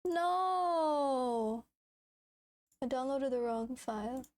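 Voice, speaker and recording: A woman's voice: high-pitched, expressive, extremely slow, darkish tone. A young woman chatting on a livestream as a VTuber, frantic, swearing and giggling often. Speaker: VTuber streamer. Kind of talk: casual livestream chat.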